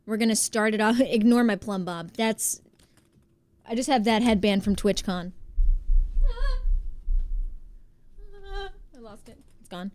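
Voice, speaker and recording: A woman's voice: mid-range voice, expressive, slow, pauses often, a little mellow, slight background noise. A woman with an American accent, chatting casually on a live stream, bubbly and greeting viewers by name. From United States.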